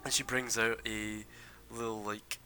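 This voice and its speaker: A man's voice: fairly low pitch, level tone, measured pace, sharp tone. A young man narrating as game master of a tabletop game, loose and full of fillers.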